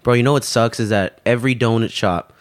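A man's voice: mid-range voice, a little fast. A young man joining a casual podcast chat, blunt and offhand.

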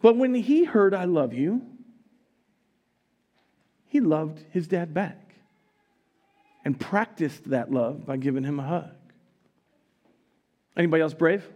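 A man's voice: on the high side, animated, takes it slowly, long pauses, mellow, muffled recording. A man preaching a live sermon in a church, teasing his congregation and laughing often as he talks. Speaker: pastor. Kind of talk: live sermon with audience interaction. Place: church sanctuary.

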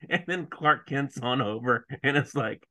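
A man's voice: mid-range voice, measured pace, sharp tone. A man co-hosting a casual podcast, wisecracking and laughing often. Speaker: podcast co-host. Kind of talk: casual comedic recap chat.

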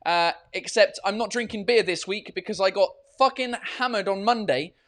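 A man's voice: high-pitched, moderate pace, fairly bright tone. A man hosting a casual live-stream podcast, rambling and swearing freely as he chats from a hot room with a fan running. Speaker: podcast and livestream host.

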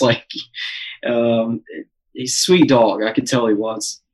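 Young man, casual storyteller, sweary, mid-pitched, talks in bursts with lots of fillers. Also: moderate pace, poor audio. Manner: excited, swears a lot, many fillers. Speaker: guest telling a story.

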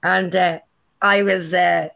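A young Irish woman co-hosting a dating podcast in a casual, rambling chat, a little raspy after a night out and laughing often. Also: fairly low pitch, flat delivery, takes it slowly, a bit bright. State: slightly raspy and hungover. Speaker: podcast co-host.

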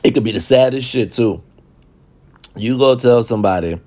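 A man's voice: mid-range voice, expressive, fairly quick, a little mellow. A man giving advice in a comedic rant, repeating himself, preaching and swearing heavily. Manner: repetitive, preachy and heavy with cursing. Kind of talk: profane comedic rant to camera.

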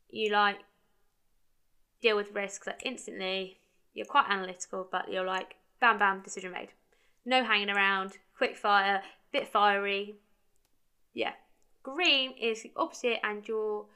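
Bright-voiced chatty young woman. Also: medium pitch, smooth. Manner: chatty, quotes her own dialogue, heavy use of "like". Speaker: brand founder. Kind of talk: casual storytelling monologue.

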